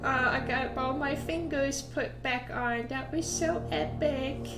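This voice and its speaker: A reckless, dim young man, put on by a woman, speaking softly and slowly in a childish voice. There is a roomy echo with faint music underneath. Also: sits high, steady tone, voice pushed up. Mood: giddy.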